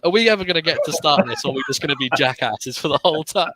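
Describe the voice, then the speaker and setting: A man with a British accent co-hosting a livestream, playful and quick to laugh in casual banter over a video call. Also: on the high side, animated, background noise. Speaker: co-host.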